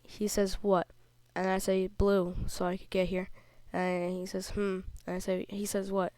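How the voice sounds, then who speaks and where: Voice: medium pitch, completely flat delivery, unhurried, darkish tone, no room sound. A young kid, not yet through puberty, telling a rambling, indignant story in a casual vlog while a little sick. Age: child, before puberty. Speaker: video creator. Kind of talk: casual vlog commentary over screenshots.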